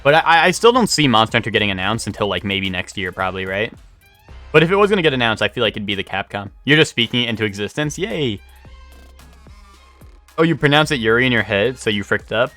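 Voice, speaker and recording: A man's voice: on the low side, animated, fast, bright, forceful tone, soft background music. A young man streaming live, chatting casually and rambling as he answers his chat.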